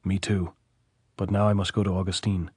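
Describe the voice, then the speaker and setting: A man voicing a calm, steady male demolition expert in an audiobook, reassuring and level. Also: low voice, brisk, breathy edge, no room sound, studio quality.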